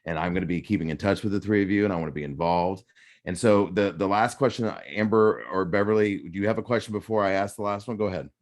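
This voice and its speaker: A man moderating a panel on a video call, effusive and grateful, quick to laugh. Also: low-pitched.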